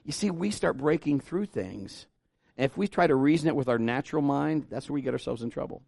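A man's voice: medium pitch, lively intonation, a little fast, creaky, darkish tone, no echo, studio quality. A male pastor preaching a sermon in church, in a plainspoken, conversational way with folksy asides.

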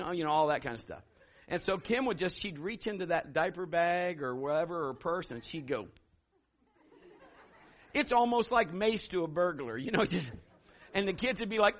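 A man preaching a sermon, swinging from loud shouted declarations to low hushed storytelling. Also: lively intonation, fairly quick. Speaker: pastor.

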